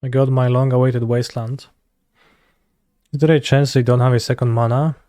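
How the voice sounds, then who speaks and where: A man's voice: mid-range voice, flat delivery, moderate pace, warm tone, dry recording. A man with a Polish accent, a streamer muttering casual, sarcastic commentary over his game, swearing when frustrated.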